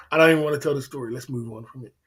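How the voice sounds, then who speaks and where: A British livestream host with a medium-pitched, fairly bright but husky voice tells meandering, casual stories. He chuckles a lot and constantly asks his audience "you know what I'm saying."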